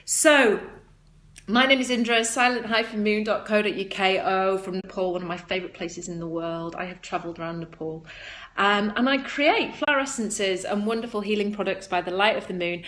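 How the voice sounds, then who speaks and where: A woman's voice: brisk, fairly bright tone. Bubbly woman livestreaming. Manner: bubbly, high-energy, giggly, rambling. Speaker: livestream host selling flower essences. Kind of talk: casual livestream chat, reading viewer comments aloud. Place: indoors at a table at home.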